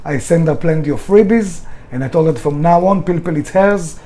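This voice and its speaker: Blunt, high-voiced man telling stories. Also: normal speed, mellow. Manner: blunt and emotional, swears freely. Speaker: restaurant founder. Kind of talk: candid storytelling interview.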